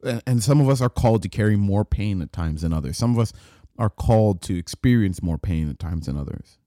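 A man hosting a solo podcast in a low, mellow voice. He talks in a rambling, conversational way, often restarting and repeating himself. The sound is dry and close. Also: expressive, fairly quick, dry recording. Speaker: podcast host. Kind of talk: casual solo podcast talk.

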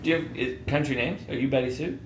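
A man co-hosting a podcast, easygoing in casual chat, chiming in with quick agreement. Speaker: podcast co-host. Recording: roomy sound with faint rumble.

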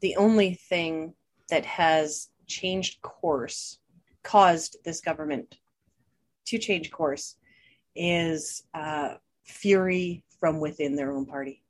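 A woman co-hosting a political podcast, speaking in a measured, deliberate way. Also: low voice. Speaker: podcast co-host. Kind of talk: political discussion.

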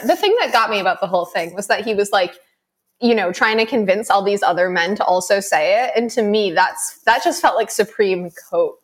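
A woman's voice: medium pitch, a little fast. Chatty laughing woman podcaster. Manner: chatty, laughing, lots of fillers. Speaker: podcast co-host. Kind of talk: casual chat.

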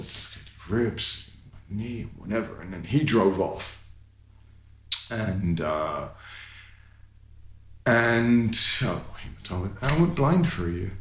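A man, a guest telling a personal story in conversation, animated and candid, his voice climbing in the tense parts, with fillers and swearing. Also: on the low side, roomy sound, a little hiss or hum, rough recording. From London, England.

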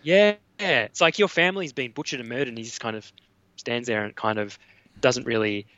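A man's voice: mid-range voice, a little fast, fairly bright tone, no room sound, lo-fi sound. A man with an Australian accent, a podcast guest, talking through film opinions with many fillers and restarts. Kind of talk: casual film discussion.

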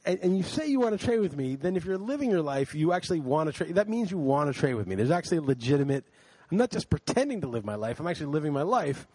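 Male podcast co-host, fast, expressive, profane ranter, dry close sound. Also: a little high, no room sound, rough recording. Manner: animated, profane ranting. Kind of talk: casual chat.

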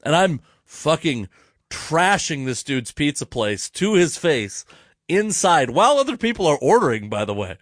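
A man hosting a casual podcast chat, telling a story in an animated, profane way. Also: on the high side, normal speed, dry recording, clean studio sound. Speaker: podcast host.

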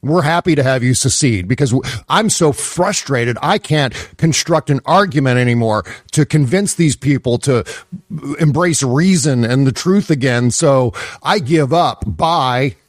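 A man's voice: mid-range voice, lively intonation, measured pace, no echo, studio quality. A man on a political podcast panel, talking in an exasperated way with frequent stammered restarts. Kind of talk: political roundtable talk.

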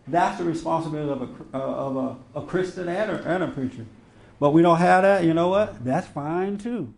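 A man's voice: fairly high pitch, creaky, a little mellow. A man hosting a radio talk show, preaching with emphatic rhetorical questions and mocking quotes. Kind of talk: preaching commentary to a live audience.

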